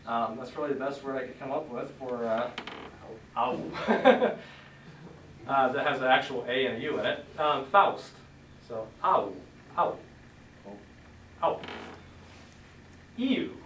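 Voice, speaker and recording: A man teaching a class, relaxed, leading students in repeating sounds. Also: mid-range voice, moderate pace, a little hiss or hum. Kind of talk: classroom lesson. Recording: echoey room, voice from far off.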